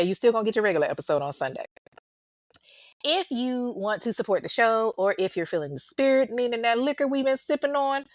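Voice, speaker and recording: A lower-voiced woman hosting a true crime podcast, recorded dry and close with no room sound. She talks in a blunt, outspoken way, curses freely and chats informally with her listeners. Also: no room sound. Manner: chatty, informal, addresses listeners as y'all. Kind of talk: casual podcast chat and outro.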